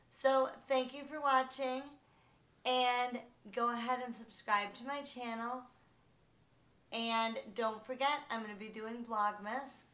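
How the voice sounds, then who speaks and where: A woman vlogger giving an unhurried, casual show-and-tell from her bedroom at home, with many ums and restarts. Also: on the high side, fairly bright tone, roomy sound.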